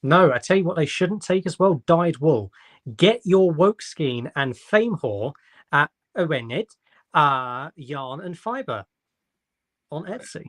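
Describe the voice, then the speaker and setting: A man's voice: fairly high pitch, expressive, slow, fairly bright tone. A man, a guest on a casual live-stream chat, making dry, wry quips.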